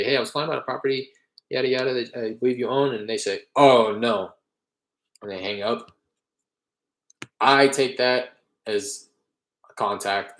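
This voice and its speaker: A man's voice: on the low side, a bit bright, echoey room. A young man in casual talk, explaining his real estate cold-calling method between live calls, rambling a little as he goes.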